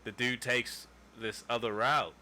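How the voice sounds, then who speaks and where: A man's voice: mid-range voice, fairly even intonation, measured pace, bright, forceful tone, slight background noise. A man in his twenties casually telling a long story on a podcast, loose and profane, acting out what people said. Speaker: podcast co-host.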